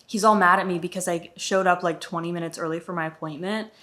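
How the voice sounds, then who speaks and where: A woman's voice: lowish voice, steady tone, fast talker, sharp tone. Chatty young woman telling a story. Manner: chatty, exasperated, peppered with "like". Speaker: vlogger. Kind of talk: casual storytime.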